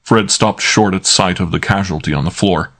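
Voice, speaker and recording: Male audiobook narrator, low voice, brisk and wry first-person read. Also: fairly bright tone.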